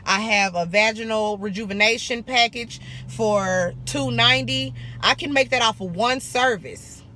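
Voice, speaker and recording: A woman's voice: on the high side, measured pace, pushed and bright, a little hiss or hum. A young woman from Arkansas, giving blunt, sassy business advice in a casual vlog and calling viewers honey and baby. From Arkansas, USA. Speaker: esthetician vlogger.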